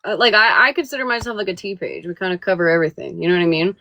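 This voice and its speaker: A woman's voice: fairly low pitch, dull audio, a crowd in the background. A woman hosting a live stream, chatting casually and rambling with lots of swearing. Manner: profane, rambling, quick to laugh.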